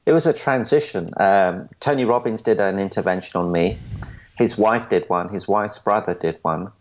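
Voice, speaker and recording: A man's voice: fairly low pitch, moderate pace, dull audio. A man in his forties telling his story as a podcast guest, earnest, often stammering and restarting, acting out what others said to him. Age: 40s. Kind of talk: storytelling interview answers.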